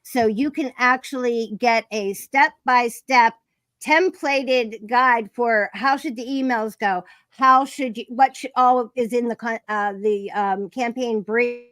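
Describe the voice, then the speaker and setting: A woman's voice: on the high side, slow, a bit bright, no echo. A woman hosting a live-streamed interview, chatty and effusive, with many fillers and restarts. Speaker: podcast host.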